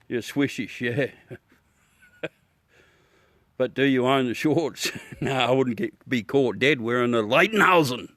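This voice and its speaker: A man's voice: medium pitch, slow, long pauses, a bit bright, no echo, clean studio sound. A middle-aged Australian man hosting a livestream, chatting casually with viewers, laughing, joking and swearing as he talks. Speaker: livestream host. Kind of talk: casual chat with live viewers.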